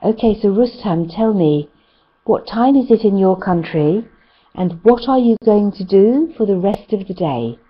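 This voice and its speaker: A woman's voice: mid-range voice, animated, measured pace. Chatty British woman teaching online. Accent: British English. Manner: chatty, with frequent ums. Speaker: English teacher. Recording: slightly muffled call audio.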